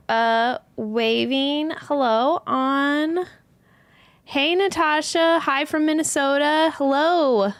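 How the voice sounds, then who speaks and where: With no echo on the recording, a high-pitched woman hosts a relaxed livestream for her yarn studio. Reading comments in a slightly scattered way, she chats and says hello to viewers individually by name.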